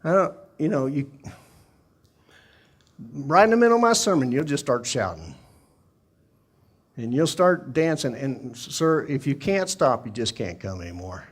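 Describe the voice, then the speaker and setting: A preacher playing a stern country pastor. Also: male voice, medium pitch, sing-song, unhurried, pauses often. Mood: firm. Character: stern middle-aged male country pastor.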